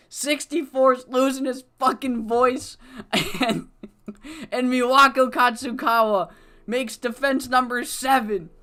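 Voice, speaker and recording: A man streaming a wrestling management game, talking casually, thinking out loud and swearing freely. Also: extremely high pitch, clear, resonant tone. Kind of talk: casual let's-play commentary.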